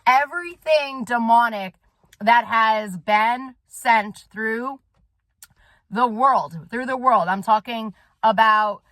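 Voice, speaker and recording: A woman's voice: on the high side, slow, fairly bright tone, no echo. A woman talking straight to her viewers in a casual monologue, intense and rambling, with frequent swearing. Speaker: soul coach and vlogger. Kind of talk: casual direct-to-camera monologue.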